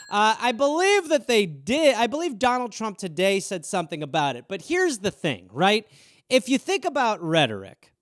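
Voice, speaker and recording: Podcast host, forties, rambling profane riffs, smooth high voice, dry close mic. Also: male voice, fairly bright tone, no echo. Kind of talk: casual solo riffing.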